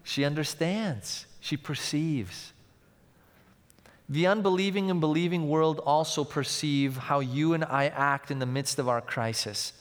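A young man, a pastor, preaching a sermon with personal stories, animated and shifting between loud passages and hushed, tender ones. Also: on the high side, a little slow, in a large hall.

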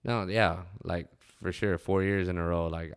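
A man's voice: sits low, fairly even intonation, moderate pace, clear, resonant tone. A young man telling laid-back, profane stories from his hometown. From West Texas. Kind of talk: casual storytelling monologue.

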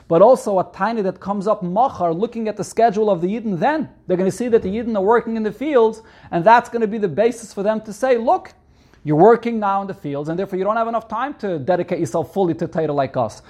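Yeshivish-accented man teaching in high voice. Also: darkish tone. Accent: Yeshivish English with Hebrew and Yiddish terms. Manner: explains line by line, repeating key points. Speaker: Torah teacher. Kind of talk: reading Hebrew text and translating it into English.

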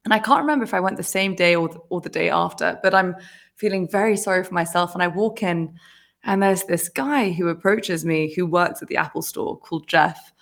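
A woman hosting a podcast, telling a personal story in casual conversation, animated and often laughing as she acts out what people said. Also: on the low side, brisk, gravelly. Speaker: podcast host.

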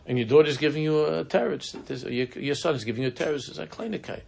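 A man teaching a Chassidic text in an earnest, halting, conversational way, dropping in Hebrew and Yiddish terms. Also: mid-range voice, animated, gravelly, slightly rough. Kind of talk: conversational Torah class.

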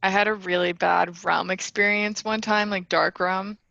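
A young woman co-hosting a podcast, talking in relaxed, casual chat that is full of swearing and "like". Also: mid-range voice, normal speed, creaky, no room sound, muffled recording. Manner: casual, swears freely, says "like" a lot. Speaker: podcast co-host.

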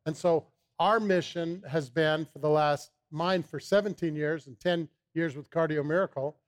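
A man's voice: a little high, moderate pace. A man, a guest on a talk show, eagerly explaining a supplement, often repeating his first words. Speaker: supplement company founder, guest.

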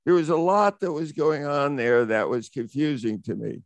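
A man's voice: on the high side, moderate pace, no echo. A middle-aged man from the United States, vividly and reflectively telling an adventure story as an interview guest. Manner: vivid, reflective, rising into excitement. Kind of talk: animated adventure anecdote.

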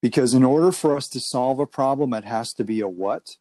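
A podcast host in a reflective conversation, explaining ideas in a calm, measured way with slow emphasis. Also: medium pitch, no room sound.

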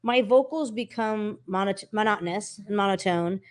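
A woman vocal coach, a guest in a casual interview, explaining with animated talk and quick sung examples. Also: medium pitch. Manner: animated, demonstrates by singing snippets.

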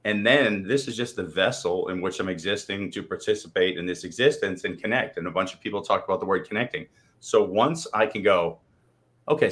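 A man co-hosting a live chat show, a motivational speaker telling animated stories and swearing freely. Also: lowish voice. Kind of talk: casual livestream chat.

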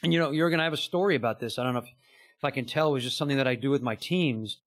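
A middle-aged man speaks as a business coach being interviewed, earnest and conversational, acting out quoted lines as he tells his stories. His voice sits in an ordinary middle pitch. The sound is dry, with no room echo. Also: racing. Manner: earnest, storytelling with quoted dialogue and frequent "you know".

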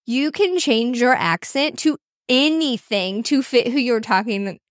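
A woman's voice: a little high, unhurried, no echo. Chatty, playful woman co-host, dry sound. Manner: chatty and playful, heavy use of "like". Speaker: podcast co-host. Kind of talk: casual chat with her husband.

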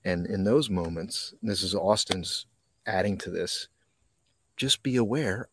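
A man hosting a live mindfulness podcast from a park, talking slowly and reflectively with dramatic pauses and reading viewer comments. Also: low voice, noisy background. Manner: reads and answers viewer comments. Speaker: podcast host. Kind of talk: live-streamed mindfulness talk. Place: outdoors in a park.

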